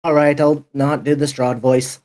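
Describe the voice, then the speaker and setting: A man's voice: a little high, little pitch movement, moderate pace, a little mellow. A man narrating a tabletop game as game master, rambling with many fillers.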